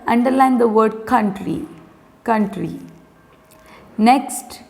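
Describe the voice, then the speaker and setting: Indian English woman teacher, higher voice, slow repetitive dictation for young pupils, reverberant room. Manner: slow, deliberate dictation, repeating each word. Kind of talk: reading a textbook lesson aloud to children.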